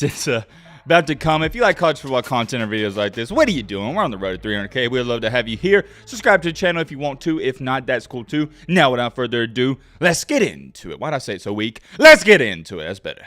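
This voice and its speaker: A man's voice: a little high, fairly bright tone. A man delivering a heated, emphatic rant as a college football commentator speaking to camera.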